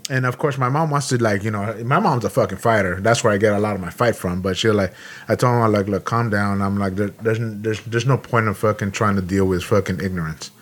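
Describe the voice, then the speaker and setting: A man's voice: on the low side, a little fast. A man from Los Angeles, a Marine veteran, co-hosting a casual podcast chat in a blunt, heated way, swearing often and restarting his sentences. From Los Angeles, USA.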